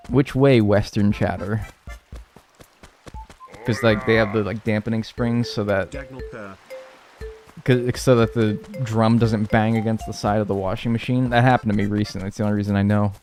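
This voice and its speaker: With a lowish, slightly mellow voice, fairly even intonation, a moderate pace and long pauses, a man livestreams a speedrun over faint music. He rambles through casual, profane, jokey banter with his chat as he plays.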